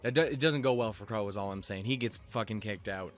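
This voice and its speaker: A man's voice: on the low side, fairly quick, fairly bright tone, soft background music. A man giving a casual episode recap with rambling, restarting sentences and offhand swearing. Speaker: show reviewer.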